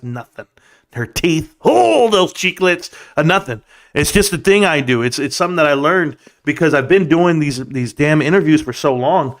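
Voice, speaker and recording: A man hosting a casual livestream, ranting and mocking in an animated way as he reads viewer comments. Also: medium pitch. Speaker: livestream host.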